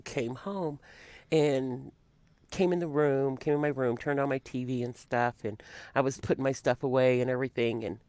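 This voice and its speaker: Female co-host, rambling, halting delivery, lowish voice, dry close mic. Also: steady tone, mellow, no room sound. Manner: rambling, halting, with many restarts and laughs. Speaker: podcast co-host. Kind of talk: casual chat.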